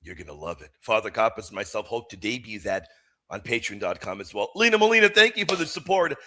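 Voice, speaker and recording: A middle-aged man hosting a live stream, chatting with viewers and answering questions. His delivery is animated, and his pitch rises and falls a lot. His tone is bright and forceful. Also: quick pace. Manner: animated and emphatic, swings between loud exclamations and quiet asides. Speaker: host of a live Catholic apologetics stream. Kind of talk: livestream chat and Q&A.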